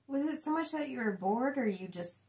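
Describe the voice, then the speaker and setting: A woman's voice: sits high, animated, a little mellow. A young adult woman co-hosting a cross-stitch video, chatting casually and supportively while showing her own projects. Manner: supportive, chatty, quick asides. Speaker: co-host of a cross-stitch channel. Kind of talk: casual chat.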